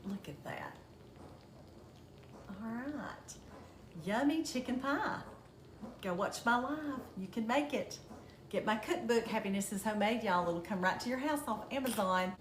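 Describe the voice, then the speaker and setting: A woman's voice: on the high side, animated, unhurried, long pauses. An older Southern woman with a Southern American accent, chatting folksily through a home cooking demonstration. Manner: chatty, folksy, addresses viewers as y'all. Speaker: home cook. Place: home kitchen. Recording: echoey kitchen with background noise.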